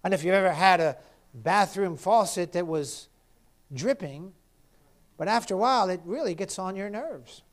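A man preaching a sermon with passion, swinging from loud cries down to hushed, pleading appeals. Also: sits high, moderate pace. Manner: impassioned preaching, rising to cries then dropping to hushed appeals. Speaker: pastor.

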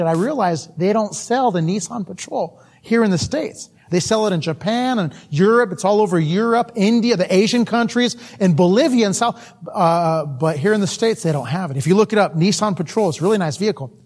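A middle-aged man, a missionary preacher, delivers a sermon in a high-pitched, animated voice at a slightly quick clip. He tells homespun stories about himself and laughs at his own mishaps.

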